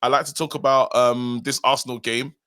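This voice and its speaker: A young man co-hosting a podcast, chatting and joking with quick laughs. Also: medium pitch, flat delivery, pushed and bright. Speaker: podcast co-host. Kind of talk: casual chat.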